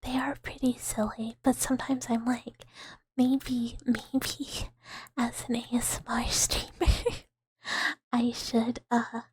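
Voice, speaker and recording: A woman hosting a whispered ASMR livestream, giggly and playful, repeating words as triggers in a breathy whisper close to the mic. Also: a little high, little pitch movement, slow pace, no room sound. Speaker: ASMR streamer.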